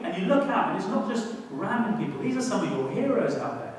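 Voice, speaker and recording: A man preaching a sermon in a church hall, speaking conversationally and then bursting into loud emphasis. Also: high-pitched, very animated, a little fast, few pauses. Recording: echoey hall, mic at a distance.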